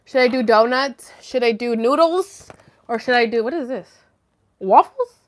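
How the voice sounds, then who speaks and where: A woman chats casually on her live stream from home, rambling from one thing to the next. She swears freely and speaks in a somewhat high voice. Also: normal speed. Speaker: livestream host. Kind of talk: casual livestream chat.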